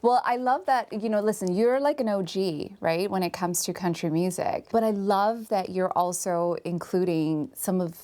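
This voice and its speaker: A woman interviewing a guest in a casual chat, enthusiastic and affirming, quick to agree. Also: medium pitch, mellow.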